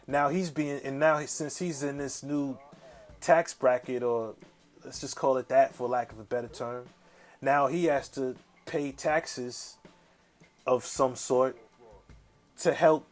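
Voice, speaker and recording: A man, hosting a podcast and telling a casual, profane story in slang, often checking in with the listener. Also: medium pitch. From south side of Chicago, USA. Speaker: podcast host.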